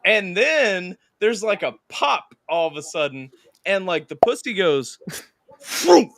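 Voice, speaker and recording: A man's voice: high-pitched, expressive, measured pace, fairly bright tone, dry recording. A young man hosting a stream, telling a crude story in casual chat, acting out sounds and voices. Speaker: streamer host.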